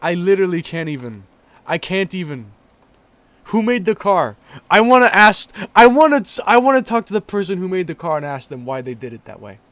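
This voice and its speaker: A man's voice: sits high, big pitch swings, a little fast, a bit bright, no room sound. A man in a casual vlog, ranting in exasperated disbelief, repeating himself and laughing. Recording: dull lo-fi recording.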